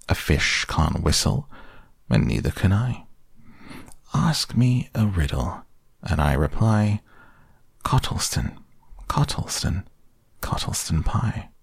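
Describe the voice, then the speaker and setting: A man voicing a kindly, simple-minded teddy bear in a storybook reading, who sings softly and half whispers. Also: deep voice, takes it slowly, vocal fry, slightly rough, no echo, clean studio sound, heavily acted. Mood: singing softly.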